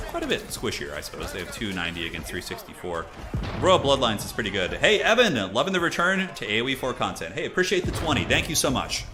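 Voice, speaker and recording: This streamer's voice runs low as he commentates a strategy game live, loose and excitable, with "like" filling his rambling lines.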